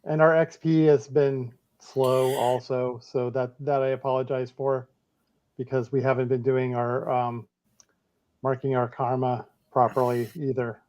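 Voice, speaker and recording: A man as game master explaining rules in a relaxed, hesitant way with many fillers. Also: medium pitch, a little slow.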